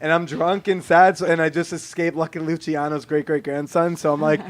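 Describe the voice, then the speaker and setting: A man's voice: a little high, level tone, fairly quick. A man hosting a podcast live on stage, telling stories in a self-deprecating, laughing way. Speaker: podcast host.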